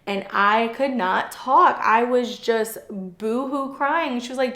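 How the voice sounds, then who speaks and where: A woman's voice: on the high side, slow. Chatty young woman in an echoey room. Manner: chatty and open, frequent "like" fillers, animated retelling. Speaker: podcast co-host. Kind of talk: candid personal storytelling.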